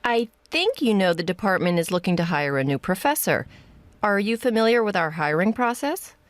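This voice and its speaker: A woman's voice: mid-range voice, big pitch swings, normal speed, no echo, close to an everyday voice. A woman playing a lecturing professor. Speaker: professor in a test recording. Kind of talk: scripted test dialogue.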